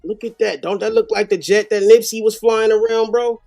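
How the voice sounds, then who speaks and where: A man's voice: high-pitched, steady tone, moderate pace, creaky, darkish tone, soft background music. A man hosting a live reaction show, commenting animatedly with heavy slang and profanity. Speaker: host.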